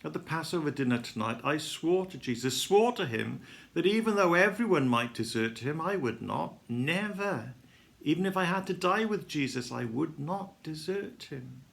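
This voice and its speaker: A man with a gravelly, bright voice reads a devotional passage in the first person. He tells it with strong feeling, dropping to a hush and then rising again. The voice sits a little above the usual male range. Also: fairly high pitch, expressive, moderate pace. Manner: emotional storytelling, swings between hushed and loud. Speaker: devotional reader. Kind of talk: dramatic first-person reading.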